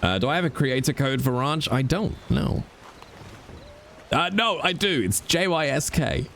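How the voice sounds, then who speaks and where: A man's voice: a little high, expressive, a little slow, a bit bright, a little hiss or hum. A man streaming a role-play game, chatting casually in a joking, swearing, teasing way. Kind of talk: casual live-stream chat.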